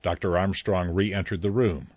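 A man narrating an audiobook in an even, unhurried storytelling manner. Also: low voice, slightly rough, no room sound. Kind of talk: scripted narration. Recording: slightly dull dry recording.

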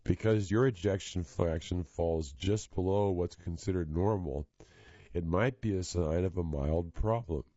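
A hoarse man with a very low voice reads articles aloud in a steady, plain way, now and then stumbling on a filler. His tone is dark and mellow, and the sound is dry and a little dull. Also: no room sound. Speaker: reading service volunteer reader. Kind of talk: reading articles aloud for radio.

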